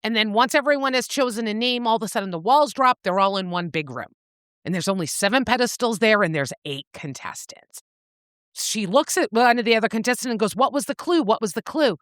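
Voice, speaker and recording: A woman's voice: medium pitch, fairly quick, no room sound, clean studio sound. A woman co-hosting a book podcast, recapping a novel in casual chat, swearing freely as she goes. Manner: animated, swears freely, acts out characters' lines.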